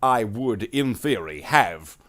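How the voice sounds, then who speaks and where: A man's voice: on the low side, animated, slow, a bit bright. A man streaming himself painting miniatures, chatting casually and jokily in a space marine persona and calling his viewers brothers. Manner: rambling and jokey, calls viewers "brother Marines".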